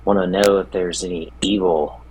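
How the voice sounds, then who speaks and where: A man playing in a tabletop game, speaking in a slow, low-key way. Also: fairly even intonation, darkish tone, slight background noise, rough recording. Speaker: player. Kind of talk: casual tabletop game chat.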